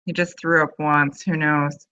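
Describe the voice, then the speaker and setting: Woman, thirties, casual rambling chat, bright tone, dull lo-fi home webcam sound. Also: deep voice, level tone, measured pace, clean tone. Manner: chatty, rambling, full of fillers. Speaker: host of a live video chat.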